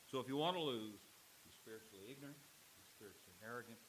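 A man's voice: mid-range voice, expressive, fast, fairly bright tone, a little hiss or hum, poor audio. A man preaching a sermon as pastor, telling stories and building to emphatic warnings. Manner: storytelling preacher, rising to emphatic exhortation.

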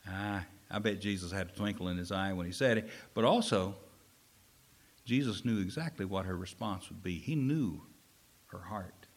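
A man preaching a sermon as pastor, telling a story with animated swings from loud emphasis to a near whisper. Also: deep voice, normal speed.

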